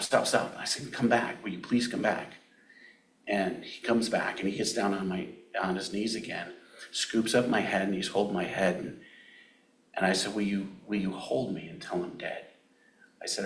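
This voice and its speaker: A man speaking to an audience at a spiritual center, an animated storyteller who acts out the dialogue of his tale. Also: on the low side, far from the mic. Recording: echoey room from off-mic.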